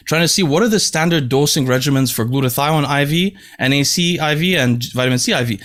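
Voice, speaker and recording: Young guy hosting a podcast, high voice jumping all over, talks super fast, keeps laughing through his stories. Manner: animated, laughs while telling stories. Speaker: podcast host. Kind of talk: casual podcast chat. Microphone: remote call mic.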